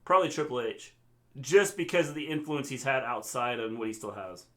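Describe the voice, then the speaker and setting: An American man from the Midwest co-hosting a casual live-stream chat, joking around and slipping into loud goofy impressions. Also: medium pitch, animated, fairly quick. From Midwest United States. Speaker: co-host.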